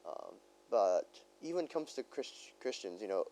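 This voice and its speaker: A man's voice: lowish voice, sing-song, moderate pace, warm tone, a little hiss or hum, poor audio. A man co-hosting a casual podcast chat, telling rambling stories and laughing as he goes. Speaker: podcast co-host.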